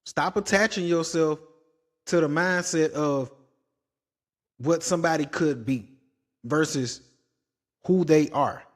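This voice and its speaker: Male podcast host, higher pitch, blunt and preachy reactor. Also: takes it slowly, pauses often. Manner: blunt, preachy, rising to exasperated outbursts. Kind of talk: opinionated commentary.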